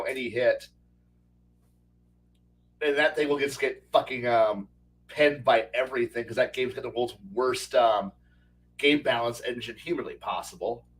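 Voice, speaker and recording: A man co-hosting a casual stream chat, rambling excitedly and swearing a lot. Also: medium pitch, far from the mic, low-quality recording. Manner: rambling, profane, animated. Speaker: podcast co-host.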